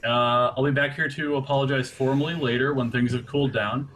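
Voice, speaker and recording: A man's voice: mid-range voice, steady tone, a little fast, fairly bright tone. A young man playing his character in a tabletop game, earnest yet comic, stammering and laughing often. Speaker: player. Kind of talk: in-character tabletop role-play, casual and joking.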